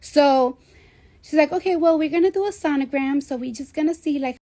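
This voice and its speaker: Animated, profane New woman. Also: sits high, a little fast. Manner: profane, animated, acts out quoted voices. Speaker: rapper telling a story to listeners. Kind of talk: casual storytelling, livestream-like.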